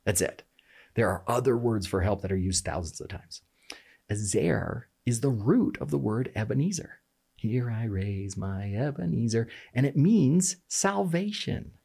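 A man's voice: mid-range voice, expressive, moderate pace, gravelly, a little mellow, husky. A man explaining a text in a conversation, passionate and emphatic, often restarting his sentences. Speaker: guest explaining scripture. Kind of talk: animated podcast conversation.

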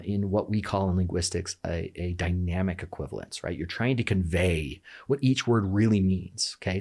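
A man's voice: low voice, vocal fry, darkish tone, slightly rough. A man passionately explaining the language of a scripture passage in casual conversation, often checking in with "right?". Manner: passionate, emphatic, fond of rhetorical "right?".

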